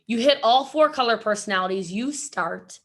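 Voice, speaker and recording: A woman giving an energetic motivational talk at an event, chatty and rambling, often breaking off to laugh. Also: fairly high pitch, normal speed. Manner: chatty, rambling, self-interrupting, laughs a lot. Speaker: event speaker.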